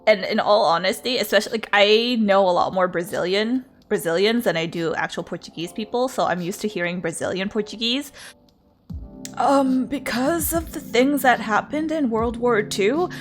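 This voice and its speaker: A woman's voice: mid-range voice, moderate pace, soft background music. A woman streamer in casual livestream chat, chatty and laughing often.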